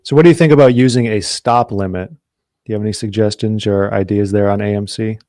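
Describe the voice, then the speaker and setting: A man with a Minnesota accent, a guest in a casual trading chat, relaxed and easygoing. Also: fairly low pitch, fast, no echo. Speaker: podcast guest.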